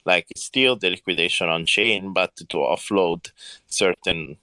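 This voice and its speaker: Founder fielding questions, low voice with a bright edge, halting delivery. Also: male voice, dry recording. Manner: halting, many fillers, non-native phrasing. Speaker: project founder answering questions. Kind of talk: live audio Q&A.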